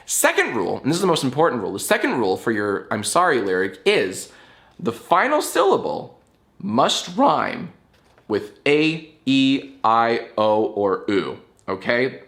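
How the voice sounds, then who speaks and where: Male host, casual and rambling, playful delivery, mid-pitched everyday voice. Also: huge pitch swings, a little slow, a bit bright. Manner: rambling, playful, explains with repeated "all right?". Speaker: YouTube show host. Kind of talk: casual talk to camera.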